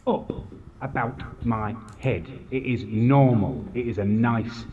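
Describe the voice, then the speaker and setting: A man's voice: medium pitch, a crowd in the background, lightly acted. A man doing a fed-up bloke. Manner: slow, fed-up, emphatic. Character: touchy man defending the shape of his head. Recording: dull lo-fi clip with loud noise.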